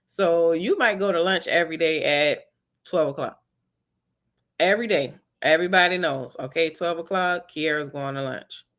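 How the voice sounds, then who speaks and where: A woman's voice: low-pitched, normal speed, a bit bright. A woman giving earnest, encouraging wellness advice to her viewers in a casual way, repeating her key points.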